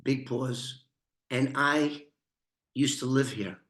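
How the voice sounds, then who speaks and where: A man telling a story from his own past in casual talk, blunt and profane, often restarting and clearing his throat. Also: mid-range voice, steady tone, slow pace, fairly bright tone, roomy sound.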